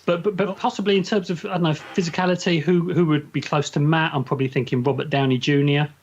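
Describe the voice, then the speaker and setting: A man's voice: on the high side, fairly even intonation, quick pace, darkish tone. A man answering a quiz question on a live podcast, hesitant and thinking aloud. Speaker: podcast guest, quiz contestant. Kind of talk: casual live stream banter. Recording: dull lo-fi live stream rip with faint noise.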